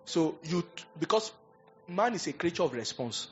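Pastor preaching, lively and chatty, voice a bit high, muffled recording. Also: male voice, moderate pace, faint music behind. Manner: animated preaching with acted asides. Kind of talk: sermon.

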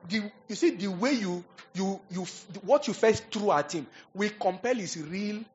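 A man preaching a sermon, animated and conversational, acting out little scenes as he goes. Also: high voice, muffled recording. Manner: animated preaching with acted asides. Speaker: pastor.

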